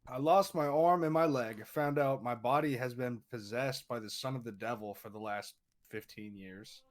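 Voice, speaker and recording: A young man playing in a tabletop game, asking blunt, quick questions and swearing casually. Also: medium pitch. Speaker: player.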